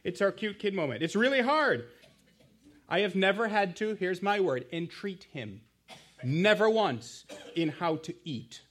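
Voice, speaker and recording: Male preacher, thirties, slightly raised pitch, conversational sermon delivery with rhetorical questions. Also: fairly bright tone. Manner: conversational, emphatic, asks the audience questions. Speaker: guest preacher, campus missionary.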